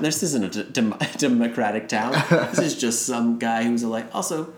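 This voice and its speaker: A man's voice: medium pitch, moderate pace. A man casually recapping a movie in a rambling way, acting out the characters' lines as he goes. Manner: rambling, retells scenes with acted quotes. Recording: roomy room with faint noise.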